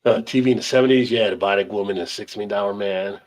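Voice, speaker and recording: A man's voice: lowish voice, fast. A man hosting a casual live stream chat over beers, rambling and easygoing, laughing often.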